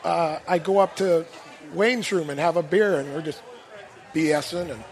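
Wry middle-aged man with a high voice. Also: normal speed. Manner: wry, laughs through stories, quotes others. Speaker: guest, former hockey player. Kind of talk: casual storytelling chat.

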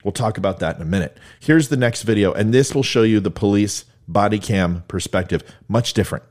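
A man's voice: fairly low pitch, fairly quick, darkish tone. A man giving blunt, emphatic video commentary, explaining events step by step. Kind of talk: video commentary on police footage.

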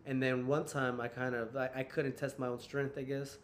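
A man's voice: medium pitch, flat delivery, normal speed, a little hiss or hum. A young man hosting a casual podcast chat, telling personal stories in a rambling way with many fillers. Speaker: podcast host.

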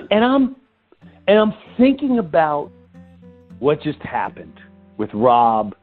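A man with a slightly raised, husky voice tells a story to a friend, acting out every exchange. His pitch rises and swoops widely. The sound is thin and tinny, like a phone line. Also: slow pace, faint music behind. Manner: excited, breathless retelling with quoted dialogue. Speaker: podcast host. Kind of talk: animated storytelling.

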